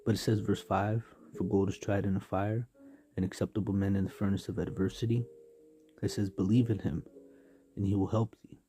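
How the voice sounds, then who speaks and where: Low-voiced man rambling through a devotional. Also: fairly even intonation, a little fast, warm tone, soft background music. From San Diego, California. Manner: rambling, many "you know" fillers, street slang. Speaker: livestream preacher. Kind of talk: casual spoken devotional.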